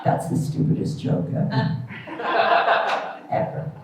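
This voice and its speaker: A woman's voice: takes it slowly, noisy background. A middle-aged woman performing a stand-up comedy set at a club, self-deprecating and wry. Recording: echoey, distant, muffled room recording.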